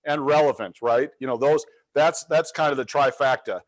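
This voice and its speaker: Speaking at a normal speed in a mid-range voice, this middle-aged man is a leadership coach telling an energetic story during a webinar. He is an animated storyteller who performs the quotes himself.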